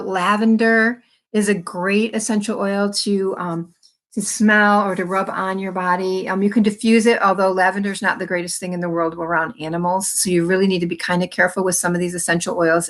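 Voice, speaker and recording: A woman's voice: mid-range voice, level tone, brisk. A woman talking to camera as a wellness coach, friendly and encouraging, speaking straight to her viewers. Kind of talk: casual talk to camera.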